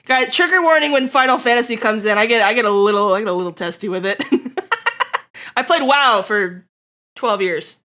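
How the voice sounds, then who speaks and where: A young woman with a bright, high-pitched voice chats casually with her live-stream viewers, laughing often. She swears freely and breaks into playful, mock-angry rants in a sharp, ringing tone, speaking expressively at a moderate pace.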